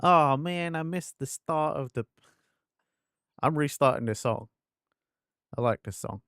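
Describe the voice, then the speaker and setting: A man's voice: fairly high pitch, measured pace, fairly bright tone, no room sound, studio quality. A man streaming a game, chatting casually, thanking viewers and answering chat.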